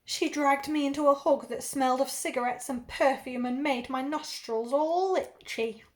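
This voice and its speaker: An English teacher reading a children's novel aloud in the first person, expressive and even, doing accents for the characters. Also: female voice, high voice, normal speed.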